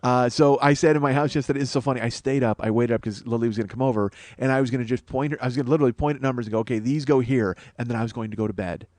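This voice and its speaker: A podcast host tells a rambling comic story, exasperated and profane, and always ready to mock himself. His voice sits at an ordinary male pitch. It is recorded dry and close, with no room sound. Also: very fast, hardly any pauses, darkish tone, no echo. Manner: exasperated, profane, self-mocking.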